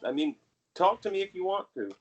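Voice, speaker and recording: A man doing a wary city guard interrogating a suspect during a tabletop game, probing and coaxing, with a formal "sir". His voice sits fairly high and moves lively. He presses steadily with questions. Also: brisk, muffled recording, a little hiss or hum.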